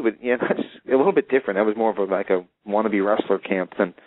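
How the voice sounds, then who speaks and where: A man's voice: lowish voice, fast talker, no room sound. A man hosting a wrestling talk show, chatting casually and rambling with restarts. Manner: rambling, restarts with filler words. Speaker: radio show host. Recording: tinny phone-line sound.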